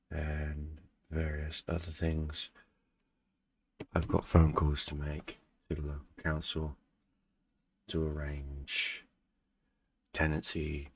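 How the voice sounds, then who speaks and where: A man with an extremely low, husky morning voice talks slowly and drowsily. He is a vlog host running short on sleep, and he rambles through casual chat with dry asides. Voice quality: deep groggy morning voice. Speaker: gaming channel host.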